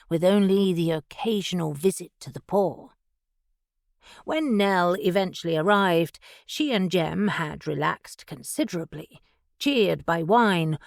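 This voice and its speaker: Scripted audiobook narration comes from a woman whose fairly low voice tells the story evenly and with measure. The recording is dry and studio quality.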